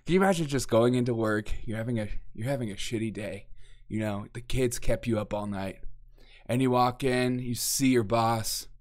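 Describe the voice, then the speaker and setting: A man's voice: medium pitch, moderate pace, a little mellow. A man hosting a casual political opinion show, talking in a mocking, exasperated way, laughing often and acting out the quotes he makes fun of. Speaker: political commentary host.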